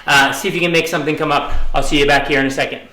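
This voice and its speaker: A man's voice: fairly high pitch, steady tone, racing, pushed and bright. A man teaching an online dance lesson, counting out beats while he moves and encouraging viewers as he goes. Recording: roomy echo, distant camera mic.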